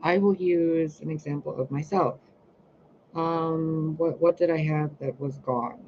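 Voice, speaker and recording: A spiritual reader and healer lets loose on her own live stream, swearing bluntly and animatedly imitating what other people said. Her voice is low and unhurried, recorded in lo-fi sound with a bit of background noise.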